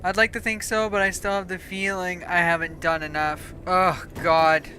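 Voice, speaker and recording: Bright-voiced woman streamer. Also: on the low side, brisk, soft background music. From Canada. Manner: chatty, self-deprecating, muttering to herself. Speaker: game streamer. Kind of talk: casual livestream chat while gaming.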